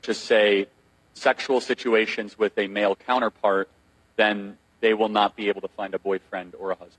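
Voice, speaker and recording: A man's voice: on the low side, level tone, normal speed, dry recording, low-quality recording. A man lecturing in a played speech clip. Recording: dry voice with faint crowd.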